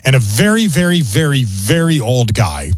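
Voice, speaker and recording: Brief: animated male host, dry studio sound, joking banter. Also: mid-range voice, moderate pace, breathy edge, no echo. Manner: animated storyteller, jokey. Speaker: radio show host. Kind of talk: casual radio banter.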